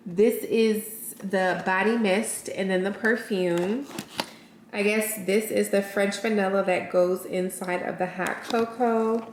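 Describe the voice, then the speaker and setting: A woman's voice: mid-range voice, takes it slowly. A woman vlogging to her camera, gushing and exclamatory as she unboxes and chats to viewers as y'all. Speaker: lifestyle vlogger. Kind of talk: excited unboxing chat to camera. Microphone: camera mic. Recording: roomy echo with faint noise.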